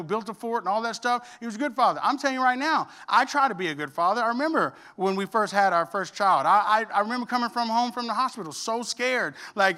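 High, bright-voiced preaching man. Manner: emphatic, swings between loud preaching and quiet asides. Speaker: pastor. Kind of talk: sermon.

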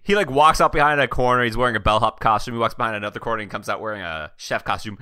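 A man narrating a tabletop game as game master, animated and laughing through his descriptions. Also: fairly low pitch, rapid-fire, clear, resonant tone.

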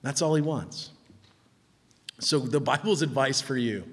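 A man preaching a sermon, conversational and emphatic, who swings from low, quiet stretches to high, loud ones and chuckles at his own points. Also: unhurried, long reverb tail. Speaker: pastor.

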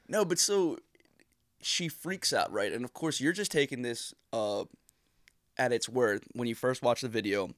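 A man's voice: medium pitch, lively intonation, a little slow, no echo. A man in his thirties co-hosting a podcast, telling stories in a loose, rambling way with laughs and swearing. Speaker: podcast co-host. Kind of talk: casual chat.

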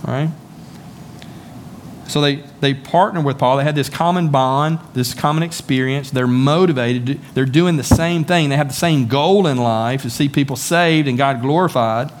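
A man's voice: a little high, animated, a little fast, slight background noise. A man with a Southern US accent preaching a sermon as pastor, folksy and conversational, often repeating words as he goes. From Southern United States. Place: church sanctuary.

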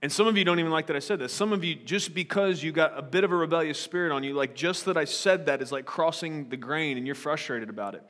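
A man preaches a sermon, switching from scripture reading to loose, joking retellings. His voice sits a little high. Long reverb from the church hall trails each phrase. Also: fast talker, hardly any pauses, a bit bright. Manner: casual, joking asides between scripture reading. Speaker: pastor. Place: church sanctuary.

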